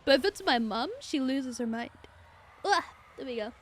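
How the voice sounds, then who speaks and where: A woman's voice: high voice, expressive, normal speed, a little hiss or hum. A young woman streaming a game, chatting casually, swearing freely and laughing often. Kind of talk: casual gaming stream chat.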